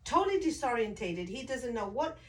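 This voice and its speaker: A woman chatting casually as a host, telling a family story with lively acted-out quotes. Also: fairly high pitch, a little fast, recorded from a distance, low-quality recording. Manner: animated storyteller, acts out quoted voices. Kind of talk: casual chat.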